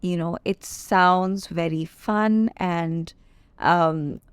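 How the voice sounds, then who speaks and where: Chatty young woman from India, low voice. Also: drawn-out words, clear, resonant tone, no echo. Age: 20s. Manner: chatty and confiding, playful asides. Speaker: podcast host. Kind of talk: casual solo podcast chat.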